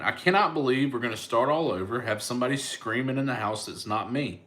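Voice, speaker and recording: A man's voice: medium pitch, lively intonation, fairly quick, fairly bright tone. A joking man from Alabama with a Southern accent, chatting casually on a live stream and answering comments. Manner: joking, laid-back, teasing. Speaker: comedian and online host.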